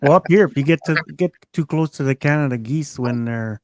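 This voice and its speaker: A laid-back man in casual chat, slangy and quick to laugh. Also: medium pitch, a little mellow, no room sound, clean studio sound.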